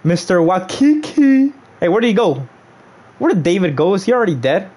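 Young man, gaming livestream, playful banter with chat, fairly high voice, bouncy and expressive pitch. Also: quick pace, husky. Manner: playful and animated, jokes with chat. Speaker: streamer. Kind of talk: casual livestream commentary.

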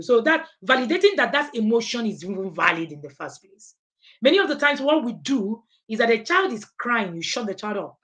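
A woman's voice: on the high side, big pitch swings, moderate pace. A middle-aged woman, giving a live online parenting class and answering questions. She talks emphatically, repeats her points and keeps checking in with "okay?". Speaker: parenting coach.

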